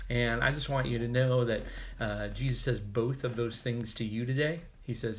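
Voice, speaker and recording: A man's voice: medium pitch, steady tone, normal speed. A male pastor giving a casual, conversational devotional sermon with joking asides.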